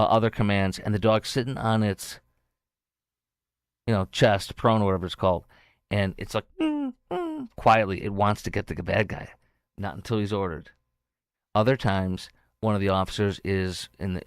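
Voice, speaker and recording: A middle-aged man hosting his own podcast, telling a story in a rambling way with many restarts, and at times going soft and emotional. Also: deep voice, clear, resonant tone, no echo, studio quality. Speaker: podcast host. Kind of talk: casual solo podcast monologue.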